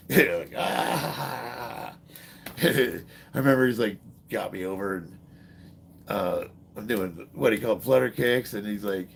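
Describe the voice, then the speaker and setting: A man's voice: mid-range voice, normal speed, vocal fry, slight background noise. A middle-aged man, a strength athlete, chatting to viewers on a casual livestream and telling profane, joking stories. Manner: profane, joking, animated storyteller. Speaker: strength athlete and fitness streamer. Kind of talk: casual livestream chat and storytelling.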